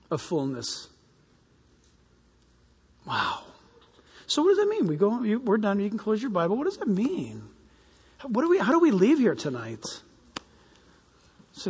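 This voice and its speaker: An older man preaching a sermon to his church, animated and jokey, acting out little voices. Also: sits high, measured pace, long pauses, slightly rough. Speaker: pastor. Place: church hall. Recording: reverberant hall.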